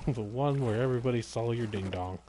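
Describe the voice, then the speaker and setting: A man with a medium-pitched voice talks at normal speed over a noisy background. He's doing casual let's-play commentary on his own gameplay, rambling, joking and talking to himself as he plays.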